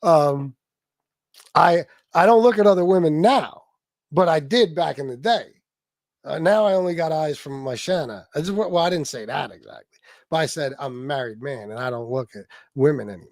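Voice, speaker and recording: A man's voice: fairly high pitch, animated, moderate pace, dry recording. Man, forties, livestream host, joking and profane, dry sound, stammers when flustered. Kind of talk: casual live-stream chat.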